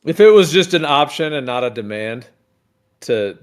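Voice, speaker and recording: A man in casual podcast chat, speaking in a low-key, dry way that trails off quietly. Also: expressive, moderate pace, slight background noise.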